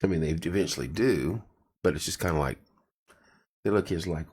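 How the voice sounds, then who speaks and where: A man's voice: sits low, a little fast, darkish tone, breathy edge. A middle-aged man losing his voice, hosting a casual live chat and greeting viewers by name as he rambles. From central Indiana. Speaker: live stream host.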